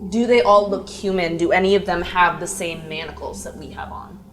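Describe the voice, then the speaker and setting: A woman's voice: lowish voice, a little fast, crowd noise. A woman player in a tabletop game, asking practical questions about her character's actions. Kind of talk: casual game talk.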